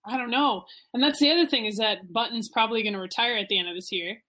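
A young woman co-hosting a podcast, chatting casually and relaxed, with frequent hesitations. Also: on the high side, fast. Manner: relaxed, hesitant, lots of ums. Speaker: podcast co-host. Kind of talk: casual chat.

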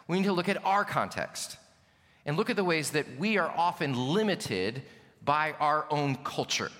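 American male pastor, earnest emphatic sermon, bright higher voice, reverberant church hall. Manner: earnest, emphatic preaching with rhetorical questions.

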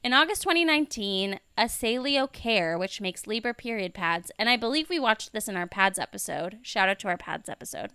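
A woman's voice: mid-range voice, brisk, hardly any pauses, smooth, dry recording. A woman co-hosting a casual podcast, reading out research with jokes and running a quiz. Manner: animated, reads research aloud with jokes. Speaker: podcast co-host.

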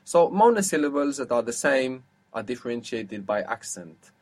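A man's voice: medium pitch, big pitch swings, moderate pace. A man teaching a language lesson, patiently asking questions and explaining rules step by step.

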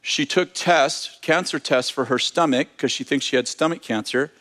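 A man, a preacher, telling a testimony story in an animated way, with frequent restarts and fillers. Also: medium pitch, moderate pace.

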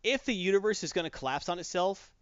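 A man co-hosting a podcast in casual chat, rambling and animated as he acts out quotes. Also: high voice, quick pace, clear, resonant tone, no room sound, highs cut off.

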